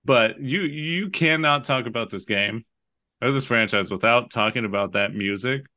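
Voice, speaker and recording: A man co-hosting a casual chat, excitable and swearing freely as he acts out game moments. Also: mid-range voice, normal speed. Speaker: podcast co-host.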